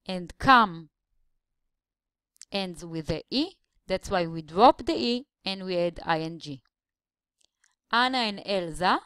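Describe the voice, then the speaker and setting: A woman's voice: lowish voice, lively intonation, fairly bright tone, clean tone, no room sound, clean studio sound. Woman teaching English grammar. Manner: explains slowly, stretching syllables to show stress. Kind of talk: grammar lesson voice-over.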